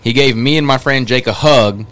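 A man hosting a podcast in casual chat. His voice sits at an ordinary pitch, and he rambles loosely through his story, with plenty of fillers along the way. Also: moderate pace. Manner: relaxed, rambling with many fillers. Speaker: podcast host.

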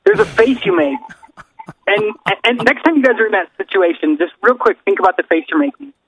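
A man's voice: high voice, animated, a little fast, a bit bright, slight background noise, rough recording. A man co-hosting a podcast, riffing chattily in casual conversation. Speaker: podcast co-host. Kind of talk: casual comedic chat.

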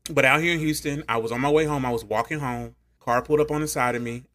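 A man co-hosting a casual podcast, telling comic stories in an animated way and laughing often. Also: mid-range voice, quick pace. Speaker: podcast co-host. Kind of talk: casual chat, comic storytelling.

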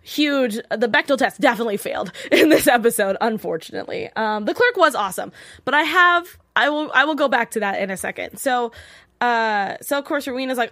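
A woman hosting a casual TV episode recap, chatty and animated, often acting out characters' lines. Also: fairly high pitch, fairly quick, no room sound, studio quality. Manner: chatty, peppered with "like". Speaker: host.

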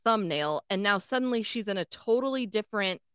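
A woman's voice: medium pitch, expressive, fairly quick, fairly bright tone, clear, resonant tone, dry recording, studio quality. A woman co-hosting a podcast, recapping scenes in blunt, profane, incredulous casual chat. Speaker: podcast co-host.

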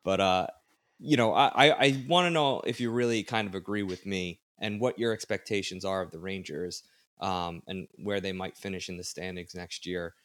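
A man's voice: low voice, normal speed, a bit bright, no echo, clean studio sound. A man co-hosting a casual sports podcast, talking in a loose conversational way with asides. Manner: conversational, many restarts and asides. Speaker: podcast co-host.

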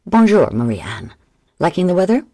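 A woman's voice: on the low side, big pitch swings, normal speed, warm tone, no echo, pitched above the performer's own voice. A woman voicing a wry, nervous male gambler with dry wisecracks.

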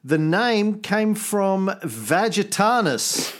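A man's voice: high voice, very animated, very slow, a bit bright. A man hosting a casual history podcast, explaining at length, reading quotes aloud and joking. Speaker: podcast host telling Roman history.

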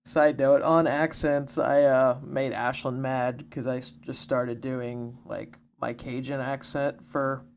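A man's voice: medium pitch, level tone, slow, gravelly, few pauses, a little hiss or hum. A man co-hosting a casual podcast chat, joking and laughing often. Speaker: podcast co-host.

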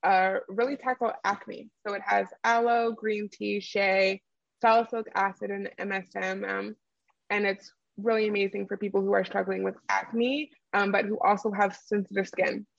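A woman's voice: medium pitch, level tone, normal speed, creaky, dry recording, highs cut off. A woman who founded a skincare brand, explaining her products in an interview with lots of fillers and easy laughs. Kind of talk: conversational interview answers.

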